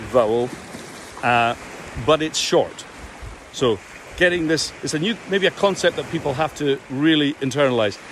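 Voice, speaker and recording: A man's voice: mid-range voice, slight background noise. A man teaching pronunciation, drawing out vowel sounds to demonstrate them. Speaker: Gaelic speech coach. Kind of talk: pronunciation lesson to camera.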